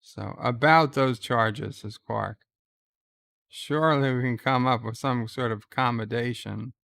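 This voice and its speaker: Slow, clear-voiced man retelling a show. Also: mid-range voice, steady tone, fairly bright tone, dry recording. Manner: retells scenes, quoting lines in a plain voice; reads out viewer chat messages. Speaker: host. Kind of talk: live reaction commentary.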